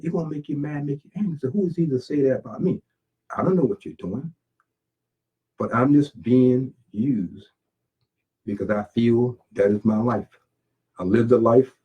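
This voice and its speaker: A man with a mellow, low-toned voice talks through a long casual monologue. His sound is husky and a little breathy, and he rambles with plain-spoken, sermon-like asides. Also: poor audio. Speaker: self-published author and channel host.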